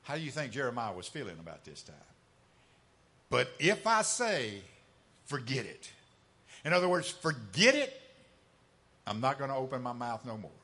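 A man preaching an impassioned sermon, swinging between loud emphatic lines and hushed asides, with folksy, colloquial phrasing. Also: mid-range voice, big pitch swings, brisk.

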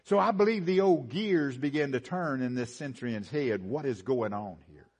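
A man preaching a sermon, swinging from rising, emphatic build-ups to hushed low lines and repeating phrases for emphasis. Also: lively intonation, normal speed, husky.

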